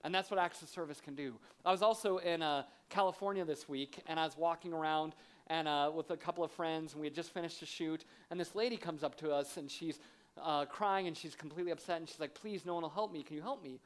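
A man preaching a sermon to a congregation, telling self-deprecating stories in a conversational, animated way. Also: fairly high pitch, a little fast, clean tone. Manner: humorous, self-deprecating storytelling. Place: church auditorium with audience.

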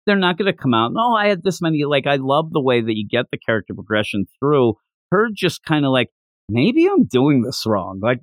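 A man in a casual podcast chat whose pitch swings widely as he jumps into acted-out character lines. The sound is dry and close, with little room around it. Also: dry recording. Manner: animated, acts out character lines in raised voices. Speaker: podcast co-host. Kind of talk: casual anime recap chat.

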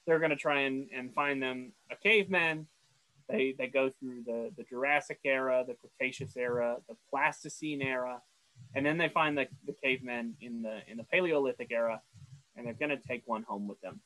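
A man's voice: medium pitch, normal speed, pushed and bright, dry recording, rough recording. Stammering, rambling male podcast host. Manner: rambling, stammering, self-deprecating. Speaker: podcast co-host recapping a cartoon episode. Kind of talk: casual chat.

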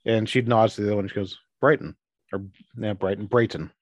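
A man narrating as game master for a tabletop game, halting and restarting his phrases as he describes scenes and voices characters. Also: lowish voice, flat delivery, darkish tone, dry recording, lo-fi sound.

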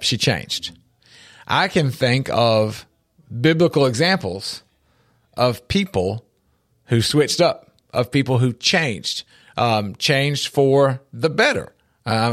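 Middle-aged man telling a story. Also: mid-range voice. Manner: storytelling, animated, repeats words when starting sentences. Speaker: podcast co-host. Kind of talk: casual faith and life talk.

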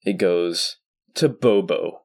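A man's voice: low voice, takes it slowly, gravelly. A man co-hosting a casual movie podcast in a laid-back way. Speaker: podcast co-host.

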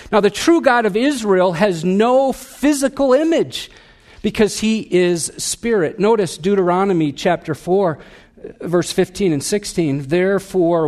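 A male pastor preaching a sermon, emphatic, with big swings between loud raised lines and low quiet ones. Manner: emphatic preaching with wide swings of pitch and loudness.

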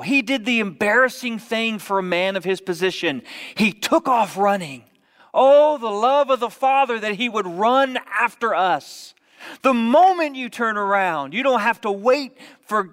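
Male preacher, sermon, high voice, animated storytelling, hushed whispers, long hall reverb.

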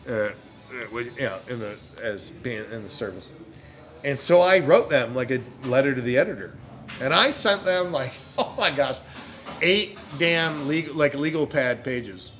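A man's voice: mid-range voice, unhurried, soft background music. A middle-aged man telling a long, rambling story in casual chat, laughing often and correcting himself as he goes. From United States. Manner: rambling and animated, self-correcting, laughs a lot.

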